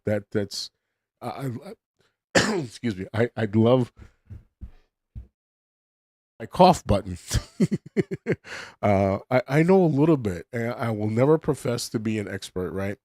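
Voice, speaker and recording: In a dry, studio-quality recording, a middle-aged man hosts a podcast with a mid-range, slightly mellow voice. His casual monologue is blunt and rambling, packed with swearing and restarts.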